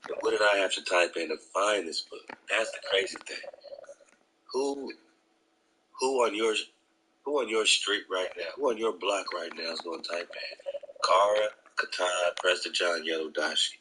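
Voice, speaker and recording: A man with a low, deep voice talks straight to his viewers in a loose, slangy vlog style. His tone is forceful and pressing, leaning emphatic and preachy. A faint noise sits under the voice. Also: moderate pace, low-quality recording. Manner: slangy, keeps saying "man". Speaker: vlog host. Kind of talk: casual vlog talk.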